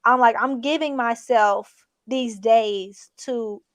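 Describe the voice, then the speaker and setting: Host, young woman, high pitch, blunt storyteller, close and dry sound. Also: slow, dry recording. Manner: candid storytelling, swears freely. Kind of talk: casual chat between sisters.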